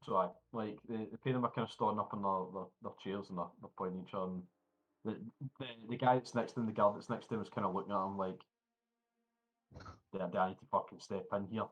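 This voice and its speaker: Game master, lo-fi audio. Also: male voice, lowish voice, fairly even intonation, racing. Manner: rambling, many restarts, swearing. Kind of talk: narrating a tabletop game.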